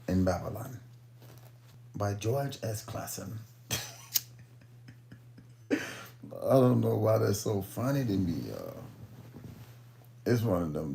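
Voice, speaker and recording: A man's voice: extremely low pitch, gravelly, warm tone, slight background noise. A young man chatting casually on a phone live stream in laid-back, profane slang, then reading a book aloud. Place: at home, in bed.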